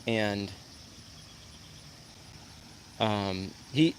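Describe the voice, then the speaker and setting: A man's voice: fairly low pitch, drawn-out words, a little hiss or hum. Man chatting live outdoors with his dog. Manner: chatty, coos at his dog in a lighter sing-song voice. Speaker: livestream host. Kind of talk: casual livestream chat. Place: outdoors in the shade by a pool. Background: faint outdoor sounds and geese.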